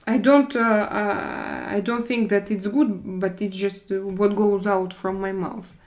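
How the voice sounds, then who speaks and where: A woman with a Russian accent chatting casually on a live stream, halting and hesitant, often restarting with fillers. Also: medium pitch, steady tone, a little mellow. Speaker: livestream host reading chat.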